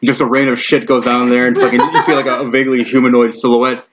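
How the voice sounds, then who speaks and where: Guy running a tabletop game, talks fast, swears a ton, muffled lo-fi. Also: medium pitch, little pitch movement, crowd noise. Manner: casual, heavy swearing. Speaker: game master. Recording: dull lo-fi recording.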